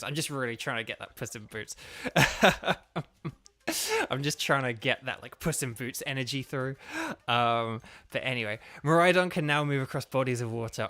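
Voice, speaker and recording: A man's voice: medium pitch, pushed and bright. Chatty British man streaming a game. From Britain. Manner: rambling, chatty, many fillers and laughs. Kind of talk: casual gaming livestream chat. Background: faint background music.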